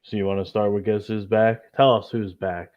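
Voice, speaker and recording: A man hosting a casual fantasy football chat, low-key and teasing, with a soft-spoken delivery. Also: level tone, moderate pace, no room sound, dull audio. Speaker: host.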